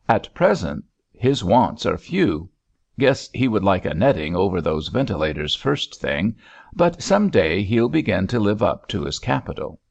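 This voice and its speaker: A man voicing a gruff, dryly humorous older sea captain who drawls wry remarks, with a creaky, husky voice. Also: sits low, dull audio, full character voice.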